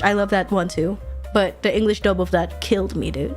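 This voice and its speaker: A woman streamer chatting casually while she draws, animated, swearing freely and laughing often. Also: medium pitch, a little fast, soft background music. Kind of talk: casual chat while drawing.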